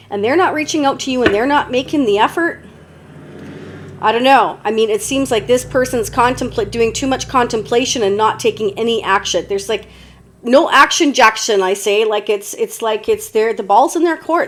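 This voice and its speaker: A woman's voice: on the high side, normal speed, a little hiss or hum. A woman giving a casual, chatty tarot reading to viewers, meandering with many fillers and restarts. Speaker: tarot reader.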